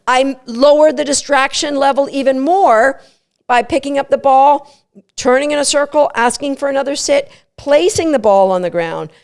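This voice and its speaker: A middle-aged woman hosting a dog training podcast, explaining methods in an emphatic, coaching tone with quick asides. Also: high voice, darkish tone. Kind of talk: instructional podcast talk.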